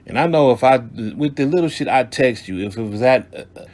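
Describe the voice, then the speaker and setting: A man's voice: mid-range voice, lively intonation, normal speed, darkish tone. A man hosting a radio show, giving listeners blunt, profane, streetwise dating advice in a casual monologue.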